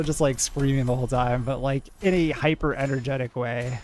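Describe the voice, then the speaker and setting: A New England man with a matching accent chats casually with his live-stream viewers as a game streamer. His delivery is mellow and fairly monotone, packed with "like" fillers, at medium pitch and a moderate pace, with a little hiss or hum in the background.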